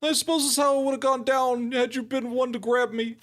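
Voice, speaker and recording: A man's voice: extremely high pitch, level tone, fairly quick, a bit bright, voice pushed up. A man voicing a formal game character in a raised voice, reading its dialogue aloud and stumbling over a name. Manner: stiff, stammers on a name.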